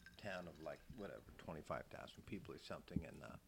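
A man's voice: rumbling low, lively intonation, fast, gravelly, noisy background. A middle-aged man from Iowa, a voice actor, telling stories in a casual interview, profane and self-deprecating. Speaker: voice actor, guest.

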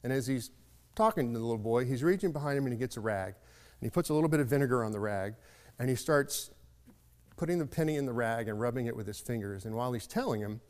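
A man's voice: medium pitch, darkish tone, long reverb tail. A man giving a sermon, telling a folksy story in a reflective, conversational way. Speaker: preacher.

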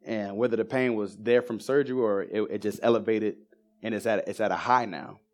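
A man preaching in church, telling testimonies in a storytelling way that builds into excited emphasis. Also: lowish voice, fairly quick. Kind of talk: sermon testimony.

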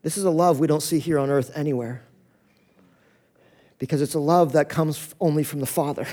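A male pastor preaching a sermon to his congregation. He acts out voices in the quoted dialogue and moves between loud, urgent lines and hushed ones. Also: on the high side, steady tone, a little fast.

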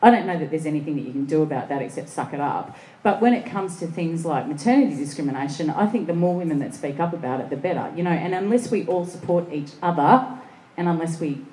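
A woman on a discussion panel, telling lively anecdotes and acting out the voices of the people in them. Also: low voice, fast talker, reverberant, rough recording. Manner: animated anecdotes, acts out voices.

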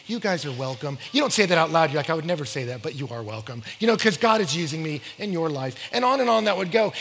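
Animated preacher man in a reverberant hall. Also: a little high, creaky, breathy edge. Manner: animated, acts out dialogue in voices. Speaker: pastor. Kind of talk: sermon with storytelling.

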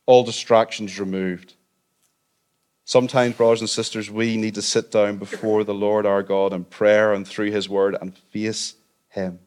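A man's voice: on the low side, level tone, unhurried. Earnest, conversational man preaching. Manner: earnest and conversational, with asides of gentle humor. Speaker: pastor. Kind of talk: sermon.

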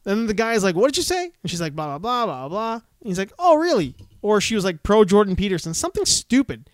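A man's voice: high-pitched, expressive, fast, clear, resonant tone, no echo, clean studio sound. A man co-hosting a casual podcast, rambling through anecdotes, swearing freely and acting out quotes. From Canada. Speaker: podcast co-host. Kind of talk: casual chat.

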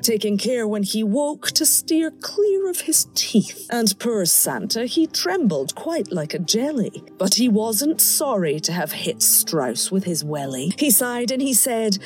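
Slow, theatrical woman reading a rhyming tale. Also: mid-range voice, soft background music. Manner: theatrical, expressive delivery. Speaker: narrator, performer.

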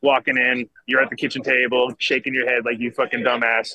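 A man's voice: mid-range voice, flat delivery, brisk, sharp tone, no room sound, rough recording. A man from Rhode Island hosting a podcast from a cannabis club over a video call, telling rambling, profane stories in casual chat. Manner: rambling, profane, laughing storyteller. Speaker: podcast host. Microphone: camera on a video call.

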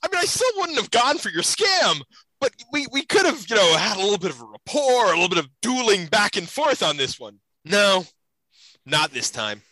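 A man hosting a podcast in casual chat, telling stories with animated energy on a close mic. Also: sits high, normal speed, no room sound, poor audio. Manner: animated, lively storytelling. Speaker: podcast host.

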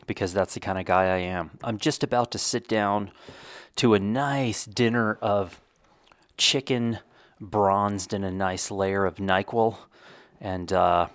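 A middle-aged man with a fairly low voice rambles through a casual solo podcast, full of wry self-deprecating jokes. The sound is dry and close, with no room around it. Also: fairly even intonation, unhurried, clean tone, dry recording. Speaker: podcast host.

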